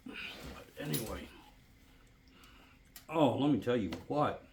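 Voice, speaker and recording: This DIY channel host, speaking in a mid-range voice at a measured pace with vocal fry and long pauses, chats through a home cooking vlog by a woodstove. It's captured on a phone camera with a noisy background, and he relaxedly savors the food with murmurs and apologies.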